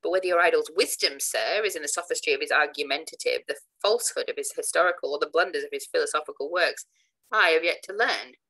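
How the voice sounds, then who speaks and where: A woman reading a calm, plain-spoken male skeptic who argues in a measured, lecturing way. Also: sits low, slightly rough, full character voice, rough recording. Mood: cutting.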